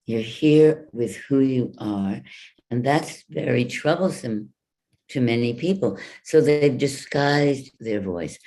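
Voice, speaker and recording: A woman voice coach giving an online workshop over a video call, speaking in a deliberate, instructive way. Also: a bass voice, warm tone. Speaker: voice and wellness coach.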